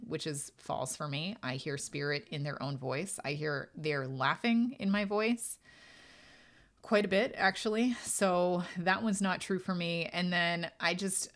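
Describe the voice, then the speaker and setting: A woman's voice: low-pitched, a bit bright. A woman hosting a podcast as a medium, talking candidly and casually, telling stories with quoted asides. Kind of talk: casual solo podcast talk.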